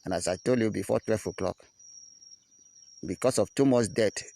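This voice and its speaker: A man's voice: fairly low pitch, moderate pace, gravelly, mellow. A man with a Nigerian accent giving an impassioned broadcast address as an activist, in a preaching, repetitive chanting cadence.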